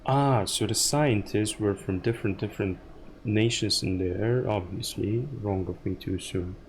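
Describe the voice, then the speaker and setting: A man's voice: on the low side, normal speed, a little hiss or hum. A man streaming a game, musing and rambling aloud to his chat in casual talk.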